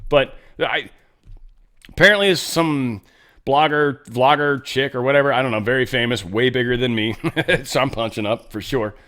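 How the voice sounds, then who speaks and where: A man's voice: medium pitch, moderate pace, fairly bright tone. A man hosting a casual political commentary show, rambling and restarting his thoughts with irreverent, jokey asides. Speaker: show host.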